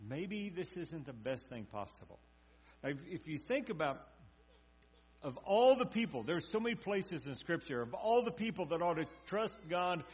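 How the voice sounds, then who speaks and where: A man's voice: on the high side, husky. Man preaching, muffled with hum. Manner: conversational preaching, acts out quotes, drops to quiet intensity. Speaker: pastor. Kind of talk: sermon. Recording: dull muffled sound with mains hum.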